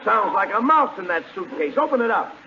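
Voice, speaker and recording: Exasperated straight man, lively gravelly male voice, hissy old radio sound. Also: high voice, fairly quick. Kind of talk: 1940s radio comedy acting. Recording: muffled 1940s radio broadcast with hiss.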